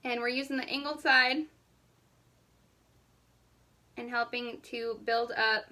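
A woman's voice: on the high side, fairly even intonation, normal speed, sharp tone. A young woman chatting through a live makeup tutorial, jittery and panicky, laughing between lines. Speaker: makeup vlogger.

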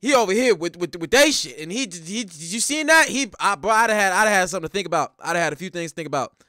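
A man hosting a reaction video, giving animated, slangy commentary full of profanity and laughing asides. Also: high-pitched, fast talker, no room sound, studio quality. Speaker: reaction channel host.

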